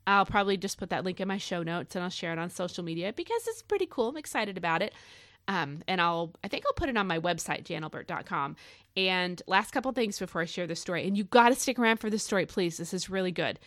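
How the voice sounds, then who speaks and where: A middle-aged woman hosting a devotional podcast, chatting casually and telling a story in an animated way with many fillers. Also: on the low side, fast, no echo, clean studio sound. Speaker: podcast host.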